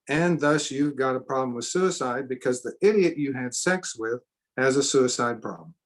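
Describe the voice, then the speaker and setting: A man preaching at a teaching seminar in a sermon style. He speaks slowly and deliberately, earnestly emphatic, and restates key phrases for weight. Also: medium pitch.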